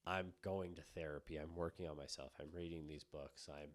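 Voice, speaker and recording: Blunt, cursing man with a very deep voice. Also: fairly even intonation, brisk. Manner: blunt and profane, jumps between loud bursts and low asides. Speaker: podcast co-host. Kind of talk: casual podcast chat.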